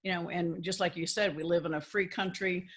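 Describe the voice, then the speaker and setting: A woman's voice: on the low side, fairly even intonation, brisk, fairly bright tone, slightly rough. A woman hosting a podcast interview, speaking in an earnest, affirming, conversational way. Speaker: podcast host.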